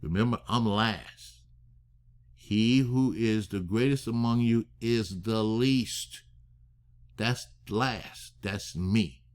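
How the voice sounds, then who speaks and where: A man teaching a masterclass on structuring deals, emphatic, asking rhetorical questions and slowing down to stress key phrases. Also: fairly low pitch. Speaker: real estate finance instructor.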